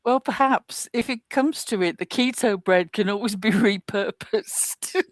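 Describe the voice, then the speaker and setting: A woman's voice: medium pitch, measured pace, dry recording. A woman co-hosting a casual chat, dry and joking with mock outrage, laughing often. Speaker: co-host.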